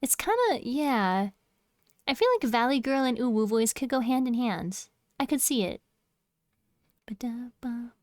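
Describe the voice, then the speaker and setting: A woman's voice: on the high side, brisk, no room sound, clean studio sound. A young woman streaming from home, chatting casually with her viewers in a playful, teasing way and laughing often. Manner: playful, giggly, teasing chat.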